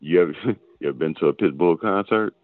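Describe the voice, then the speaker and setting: A man in casual chat, agreeing loudly and laughing along. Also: deep voice, quick pace, no room sound. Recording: dry, phone-like sound.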